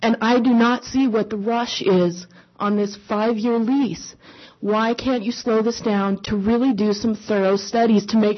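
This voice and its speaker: A woman's voice: fairly high pitch, dull audio. A woman giving emotional public testimony at a meeting, earnest and pleading, close to tears and apologizing as she speaks from the heart.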